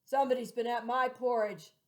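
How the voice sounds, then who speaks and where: A woman reading a storybook aloud and voicing a huge father bear in a great, rough, gruff voice. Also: a little high, fairly even intonation, a little fast, close to an everyday voice.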